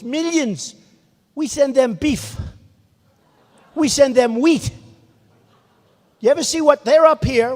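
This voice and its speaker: A man's voice: high-pitched, darkish tone, long reverb tail. An older man giving a rambling, boastful campaign rally speech, talking to the crowd in repetitive asides. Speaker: political candidate at a rally. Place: large rally venue.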